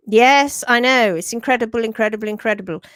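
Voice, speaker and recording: Here the same kind of host, a middle-aged woman on a live stream, talks briskly in a voice on the high side. She greets viewers warmly while reading their comments, chatting casually with lots of restarts and laughter, over a dry, clean studio recording.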